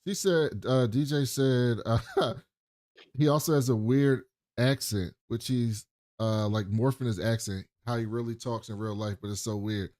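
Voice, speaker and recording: A man at a mid pitch co-hosts a casual TV recap podcast. He retells scenes animatedly, slipping into the characters' voices and swearing freely. The sound is dry and close to the mic. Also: steady tone, normal speed, a little mellow, no room sound. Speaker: podcast co-host.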